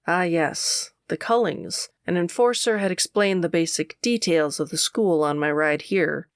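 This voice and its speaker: Low-voiced woman narrating an audiobook. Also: no echo, clean studio sound. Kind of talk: first-person audiobook narration.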